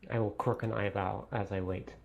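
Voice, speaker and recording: Male tabletop player, low and gravelly, unhurried and hesitant. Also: fairly even intonation, highs cut off. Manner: slow, hesitant. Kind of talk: declaring actions in a tabletop game.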